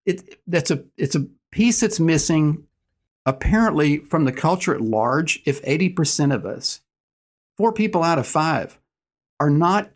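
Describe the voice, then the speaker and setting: A man in his sixties, a guest telling stories in conversation, earnest and animated, acting out the dialogue. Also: a little high. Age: 60s. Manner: earnest, animated storyteller who acts out dialogue. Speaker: guest, business owner. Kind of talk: conversational storytelling.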